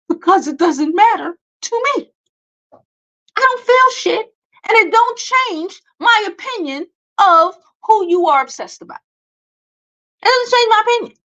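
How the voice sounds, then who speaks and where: A woman's voice: extremely high pitch, sharp tone, rough recording. A young woman, hosting a casual celebrity commentary vlog in a blunt, profane, dismissive way with many fillers. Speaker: beauty and celebrity news host.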